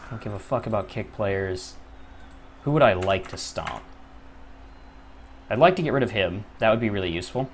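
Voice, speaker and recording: A man's voice: on the low side, expressive, normal speed, pauses often, a little hiss or hum. A young man commentating his own gameplay, often frustrated, swearing and muttering to himself. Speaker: gaming YouTuber.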